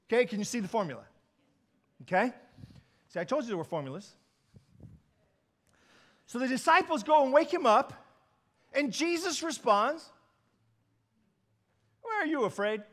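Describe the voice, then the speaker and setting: A male pastor delivers a sermon through lively storytelling. His voice sits unusually high for a man, swinging between loud emphatic bursts and quiet asides. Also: moderate pace, long pauses.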